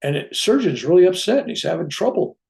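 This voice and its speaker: Brief: reverend, male, gravelly, slightly high voice, animated storyteller who acts out his quotes. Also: fast. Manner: animated retelling, acting out quoted voices, chuckling asides. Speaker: reverend sharing a spiritual experience. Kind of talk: personal storytelling.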